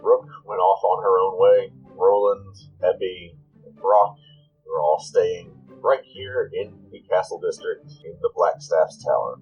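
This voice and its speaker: A man narrating a tabletop game as game master, relaxed and descriptive. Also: low-pitched, measured pace, lo-fi sound, soft background music.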